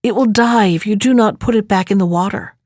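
A woman reading aloud, voicing a wise, kindly talking horse who gives calm, patient advice. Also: mid-range voice, a little fast, no echo, studio quality, close to an everyday voice.

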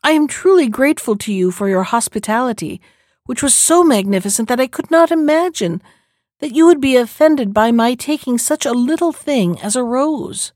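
A woman's voice: fairly high pitch, animated, normal speed, dry recording, clean studio sound. A woman voicing a terrified merchant father in a storybook reading, speaking in a humble, pleading manner.

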